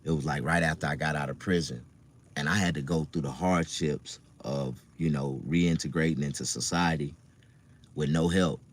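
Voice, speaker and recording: Deep-voiced Southern man telling his story. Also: fairly even intonation, moderate pace, a little hiss or hum. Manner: loose, profane, conversational with many fillers. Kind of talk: casual livestream storytelling.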